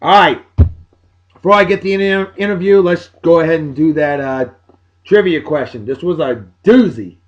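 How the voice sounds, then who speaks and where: A man, hosting a show and giving chatty, upbeat shout-outs with playful asides. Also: on the high side, moderate pace, dull audio. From Massachusetts, USA. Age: 40s. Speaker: video show host. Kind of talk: casual birthday shout-outs.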